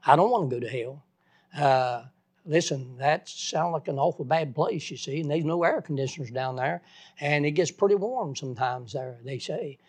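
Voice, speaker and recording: Husky-voiced earnest man preaching. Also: a little high, moderate pace. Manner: earnest, folksy, repeats phrases, stammers on restarts. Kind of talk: sermon.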